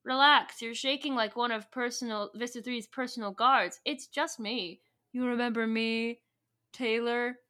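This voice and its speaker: A woman's voice: fairly high pitch, fairly even intonation, a little slow, bright, forceful tone. A woman voicing a scheming, smug young woman villain, speaking with sly, mock-sweet persuasion in a podcast retelling. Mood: smug coaxing.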